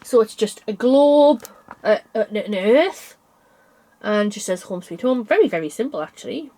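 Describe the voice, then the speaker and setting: A woman's voice: medium pitch, lively intonation, moderate pace, dark tone. A young woman chatting casually about cross stitch designs, tired and yawning, rambling with small laughs. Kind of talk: casual chat.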